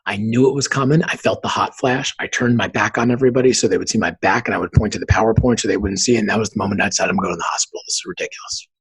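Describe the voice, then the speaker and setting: A man in his forties, a podcast guest, telling his story with lively acted-out dialogue. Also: lowish voice, rapid-fire, vocal fry, hardly any pauses, husky, low-quality recording. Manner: animated storyteller acting out quoted dialogue. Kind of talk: storytelling in an interview.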